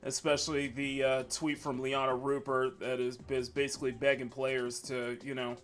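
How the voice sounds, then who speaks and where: A man's voice: medium pitch, level tone, moderate pace, fairly bright tone. Chatty male streamer over faint music. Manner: chatty, rambling, with frequent fillers and restarts. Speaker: streamer host. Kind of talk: casual livestream chat. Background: faint menu music.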